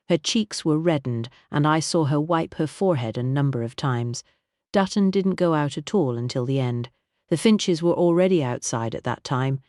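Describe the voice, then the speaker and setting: A narrator doing a tetchy, earnest inspector in an audiobook, methodical as he reports. Middling pitch, dry close recording with no room sound. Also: darkish tone, dry recording, natural voice. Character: earnest, tetchy police inspector, secretly romantic. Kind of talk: audiobook character reading.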